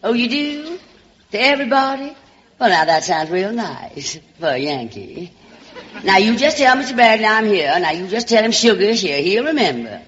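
Swinging widely in pitch at a moderate pace, this woman's medium-pitched voice sounds a bit bright. She's a Southern American comedy host on a radio show, giving a drawling, theatrical comic monologue and coyly calling everyone darling. The recording is a dull old radio broadcast from a reverberant hall.

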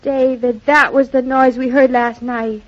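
An actress playing an excitable, sweet young wife with a girlish, gushing manner, in 1940s radio acting on a dull old radio recording. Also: high-pitched, a little slow.

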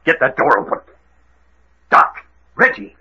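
An actor playing the brisk, level-headed leader of an adventure trio, who talks in quick orders, in 1940s radio acting. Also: male voice, mid-range voice, lively intonation, bright, forceful tone, slight background noise. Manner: brisk and commanding, giving orders. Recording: muffled old radio recording.

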